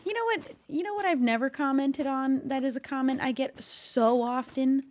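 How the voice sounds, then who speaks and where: A woman's voice: sits high, moderate pace, a little mellow. A woman streamer chatting casually with her live viewers, laughing often and talking to her cat between thoughts.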